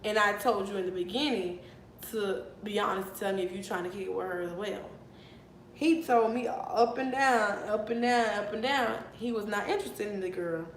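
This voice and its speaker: A young woman telling a heated storytime vlog, animated and profane, recorded in an echoey room with a faint rumble. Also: moderate pace. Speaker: vlogger.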